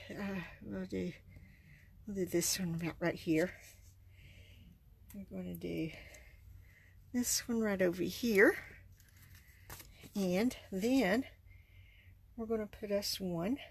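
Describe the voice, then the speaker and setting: A woman's voice: medium pitch, slightly rough. A woman, chatting through a live card-making demonstration, enthusiastic and laughing often. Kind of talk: casual live stream demonstration.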